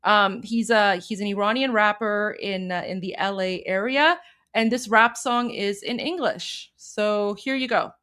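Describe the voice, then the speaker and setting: A woman's voice: mid-range voice, a little slow, a bit bright, clean tone. Chatty woman hosting a livestream. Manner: chatty, apologetic, mixes Persian and English. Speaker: livestream host. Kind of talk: casual livestream chat.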